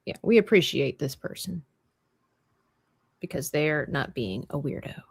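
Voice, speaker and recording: A woman's voice: sits low, lively intonation, a little slow, husky, no room sound. Chatty woman drawing on a livestream. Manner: chatty, playful, thinks aloud while working. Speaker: live-stream host drawing on stream. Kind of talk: casual chat while drawing.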